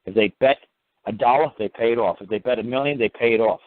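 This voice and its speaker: Fast-talking blunt man on a tinny line. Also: medium pitch, dry recording. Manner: blunt, profane, lecturing. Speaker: host answering callers. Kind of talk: call-in radio talk. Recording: dry, tinny phone-line sound.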